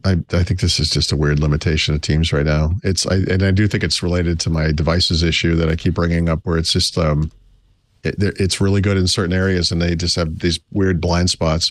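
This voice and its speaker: A middle-aged man with a deep, low voice trades casual thoughts as a podcast co-host. He stops and restarts his sentences often and corrects himself mid-thought. His voice sounds close and dry, with no room around it. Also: fairly even intonation, dry recording. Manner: halting, full of restarts and self-corrections. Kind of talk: casual tech podcast chat.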